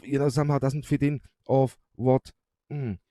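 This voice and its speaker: A man co-hosting a live chat show, halting as he reads out viewer messages, with many fillers and restarts and slightly non-native phrasing. His voice is mid-pitched and warm. The recording is close and dry. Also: steady tone, no echo. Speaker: talk show co-host. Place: studio.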